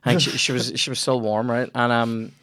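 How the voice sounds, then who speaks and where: A man's voice: medium pitch, little pitch movement, fairly quick, a bit bright, dry recording. A young man with a Northern Irish accent hosting a chat show, telling rambling, sweary stories in a casual way. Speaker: comedian podcast host.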